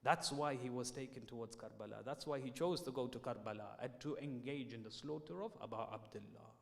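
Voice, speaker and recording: A man preaching a sermon in a mosque, telling a story with sharp rises and drops. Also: medium pitch, a little fast, vocal fry. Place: mosque hall. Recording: long reverb in a mosque hall.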